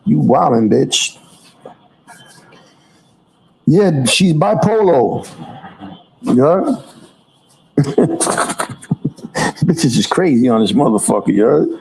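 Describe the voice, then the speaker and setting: New guy rambling on his stream, cursing a lot, voice sits a bit high. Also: big pitch swings, slow pace, gravelly, pauses often, darkish tone, poor audio. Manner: loose, cursing street slang, stumbling restarts. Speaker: livestream host. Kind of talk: casual livestream chat.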